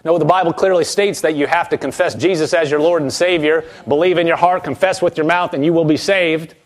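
High-voiced man preaching a sermon. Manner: animated, acts out quoted voices, reads scripture slowly.

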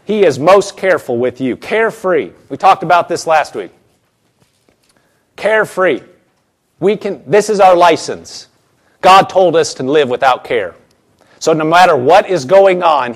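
High-pitched guy preaching, emphatic, keeps repeating himself. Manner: emphatic, repeats phrases, restarts. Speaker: pastor. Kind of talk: sermon.

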